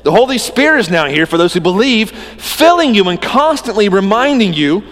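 Male preacher, high voice, sermon, earnest, emphatic, long reverb of a hall. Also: very animated, moderate pace, hardly any pauses. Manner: earnest and emphatic, swinging between loud stresses and quiet drops.

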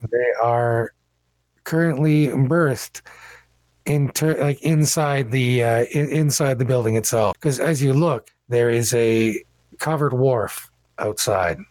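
A man's voice: mid-range voice, slow pace, darkish tone, no echo. A man narrating a tabletop game as game master, in a casual, descriptive way.

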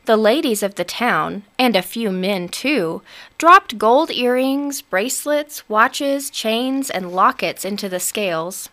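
Slow, lively woman storybook narrator. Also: medium pitch. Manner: expressive, unhurried. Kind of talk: storybook read-aloud narration.

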